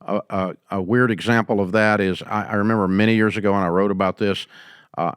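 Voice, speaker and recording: An older man hosting a business advice show, answering a caller in a folksy storytelling way and going quieter when he quotes people. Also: fairly low pitch, clear, resonant tone, no echo, studio quality. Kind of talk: call-in advice talk.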